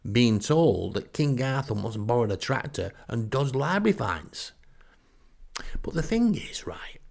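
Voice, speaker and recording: This older podcast host, who has a Northern English accent, tells a funny first-person tale with wry, self-deprecating chattiness. His voice is medium in pitch, darkish in tone and marked by vocal fry.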